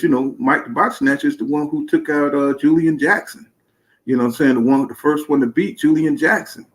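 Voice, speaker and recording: A man hosting a casual boxing talk show, animated and repetitive, often saying "you know what I'm saying". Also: medium pitch, slight background noise, rough recording. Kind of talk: casual chat.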